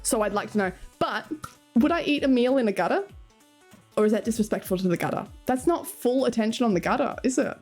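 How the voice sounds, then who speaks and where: A woman's voice: on the high side, expressive, fairly quick, darkish tone. A young Australian woman streaming, chatting casually with her viewers and reading chat aloud, laughing often. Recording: faint music behind.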